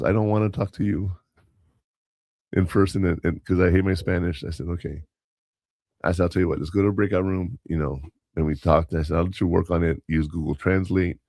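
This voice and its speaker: A deep, creaky, mellow-voiced man co-hosts a podcast, telling rambling, casual stories that feature quoted dialogue and self-corrections. By profession he's a substitute teacher, and the recording is studio quality with no echo.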